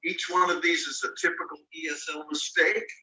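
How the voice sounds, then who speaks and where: A man teaching a spelling lesson on a video call, his voice very bright and somewhat high. He walks through the rule patiently and spells words out letter by letter. He sits back from the microphone, and the room around him rings. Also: flat delivery, fairly quick, slight background noise. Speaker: ESL teacher. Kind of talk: online class lecture. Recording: roomy sound, mic at a distance.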